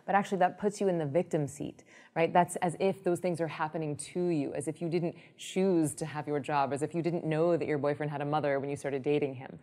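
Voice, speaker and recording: A woman with a low, deep voice talks through a meditation teaching. She explains in a lively, storytelling way and acts out the people in her examples. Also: fairly quick, few pauses.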